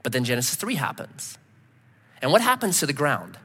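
A man preaching a sermon, telling a story in an animated way and acting out his own shouts. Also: mid-range voice, brisk, breathy edge. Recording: long hall reverb.

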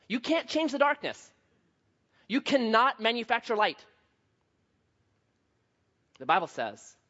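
A man pastor preaching a sermon, telling a story with lively swings from hushed to loud. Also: sits high. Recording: dull lo-fi sound.

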